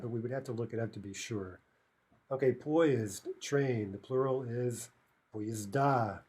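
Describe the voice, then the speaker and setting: A man's voice: mid-range voice, darkish tone, husky. A man teaching a recorded language lesson, explaining step by step and checking in with "right?" and "okay" as he goes.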